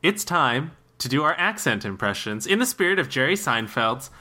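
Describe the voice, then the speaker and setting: Playful podcast host, man, bright voice, animated pitch. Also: normal speed. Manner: playful, show-hosting. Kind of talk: casual chat.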